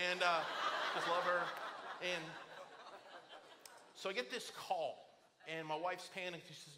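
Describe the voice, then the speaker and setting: A man's voice: fairly high pitch, brisk, pauses often, heavy background noise. A middle-aged man preaching a sermon to a church, telling family stories and acting out the voices of the people in them. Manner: storytelling, animated, acts out quoted voices. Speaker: pastor. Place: church auditorium.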